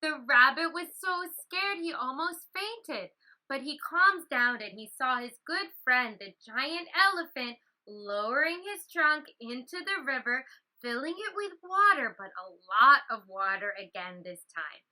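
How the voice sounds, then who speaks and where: Gentle woman leading kids' yoga. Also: sits high, animated, a little slow, poor audio. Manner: gentle, encouraging instructions. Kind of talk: storytelling yoga class for children.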